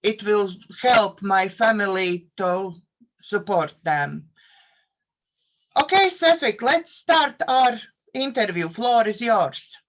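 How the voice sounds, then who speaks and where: A woman host with a foreign accent, a non-native English speaker, introducing and hosting an interview in a careful, halting way. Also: mid-range voice, lively intonation, a bit bright, dull audio. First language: not English. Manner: careful, slow, halting wording. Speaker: host and coach therapist.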